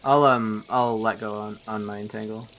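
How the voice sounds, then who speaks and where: Gravelly male player, blunt and stern, bright edge, streaming mic. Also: fairly low pitch, steady tone, normal speed, a little hiss or hum. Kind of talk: in-character tabletop play.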